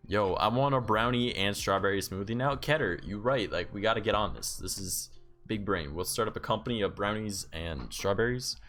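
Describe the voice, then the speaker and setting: A man's voice: lowish voice, normal speed, a bit bright, faint music behind. A man streaming live, chatting casually and sarcastically, rambling and swearing freely. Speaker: livestreamer.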